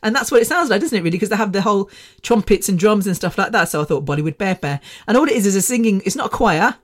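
With a mid-range voice, lively intonation, and a fast pace, a woman in her fifties tells a story on her podcast, wandering and chatty, laughing frequently and swearing now and then.

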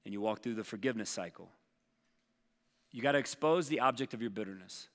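A man's voice: fairly low pitch, quick pace, long reverb tail. A man preaching as a pastor in a conversational sermon, acting out objections and story lines.

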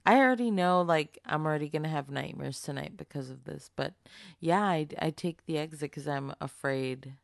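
Woman, guest, low voice, earnest, easily spooked, casual chat, dry close sound. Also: moderate pace, creaky, hardly any pauses, no echo.

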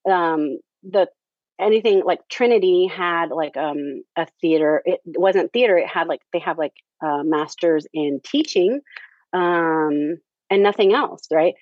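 A woman's voice: lowish voice, unhurried, dry recording. A woman telling her story in a chatty, conversational way, often leaning on "you know" and "um". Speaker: theater director, interview guest. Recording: dull lo-fi, dry.

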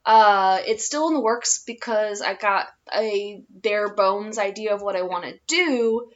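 A woman's voice: mid-range voice, a little slow, highs cut off. Rambling woman in her twenties. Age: 20s. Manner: rambling, many fillers, laughs easily. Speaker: player and podcast co-host. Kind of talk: casual podcast chat.

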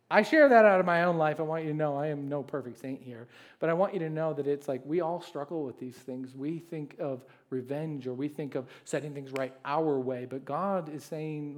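Animated preacher with swinging loudness. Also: male voice, on the high side. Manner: animated storytelling, swinging from loud to soft; reads scripture aloud, with fillers and restarts. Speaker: pastor. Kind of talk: sermon.

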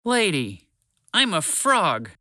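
A man's voice: high voice, wildly swooping pitch, takes it slowly, bright, forceful tone, no room sound, studio quality, voice pushed up, full character voice. A man voicing a confused, blunt male frog in a storybook. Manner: baffled, rambling.

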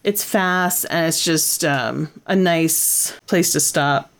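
A chatty woman co-hosting a relaxed conversation. Her voice sits fairly low for a woman, and she fills her talk with ums and likes as she goes. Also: slow pace. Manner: chatty, with frequent fillers and laughs. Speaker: podcast co-host. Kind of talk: casual chat.

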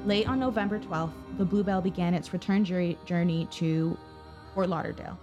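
A woman's voice: on the low side, moderate pace, darkish tone, highs cut off, soft background music. A woman co-hosting a podcast, telling a true-crime story in a casual, chatty way. She swears freely and acts out the people she quotes. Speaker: podcast co-host.

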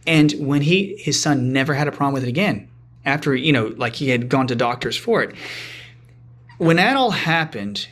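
A man's voice: on the high side, lively intonation, fairly quick, a bit bright. A man guesting on a podcast, telling a story casually and chattily, with frequent restarts and asides.

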